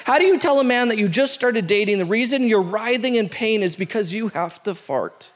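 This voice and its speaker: High-voiced man reading a comic story. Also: fairly quick. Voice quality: animated, breaks into laughter, shouts out the quoted lines. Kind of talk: comic storytelling read aloud.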